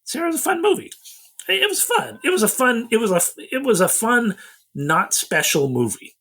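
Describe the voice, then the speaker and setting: A man's voice: extremely high pitch, very animated, normal speed, vocal fry, pushed and bright, breathy edge. A man co-hosting a podcast in casual chat, amused and laughing often. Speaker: podcast co-host.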